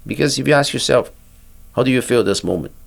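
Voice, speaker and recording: An older man, a physician, guiding a listener through a body-awareness exercise in a calm, patient, instructive way. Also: mid-range voice, fast talker, creaky. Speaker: physician and therapist guest. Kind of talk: guiding a mindfulness exercise in conversation.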